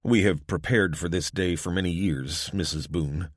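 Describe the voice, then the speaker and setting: Audiobook: man as a pompous, stilted male recruiter, very low voice, dry sound. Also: moderate pace, dry recording. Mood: formal. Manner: formal, stilted, preachy.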